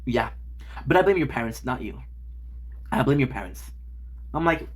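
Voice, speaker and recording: A man's voice: mid-range voice, animated, moderate pace, pauses often, breathy edge. Playful man joking with his viewers. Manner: playful, joking, teasing banter. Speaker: streamer chatting with viewers. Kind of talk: casual live-stream chat.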